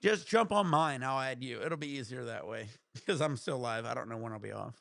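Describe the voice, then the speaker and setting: A man hosting a casual livestream, with laid-back, rambling chat and quick laughs. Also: mid-range voice, vocal fry, fairly bright tone, no room sound, clean studio sound. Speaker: livestream host.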